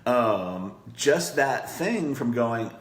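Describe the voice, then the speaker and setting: A man's voice: medium pitch, big pitch swings, extremely slow, echoey room. A man teaching marketing copy in a coaching session, talking conversationally and checking in with "right?" as he acts out client quotes.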